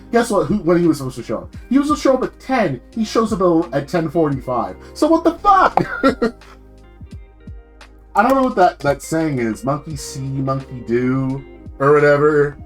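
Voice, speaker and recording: A young man streaming as a VTuber, ranting casually about his job and swearing freely, with laughs and sudden jumps in pitch.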